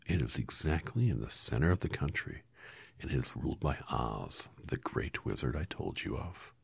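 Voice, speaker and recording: Kindly little old witch in a storybook, soft, solemn, half whispered, deep gravelly reader's voice lifted higher, put on by a man. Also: sing-song, normal speed, dry recording, exaggerated voice. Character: gentle little old woman, a kind witch.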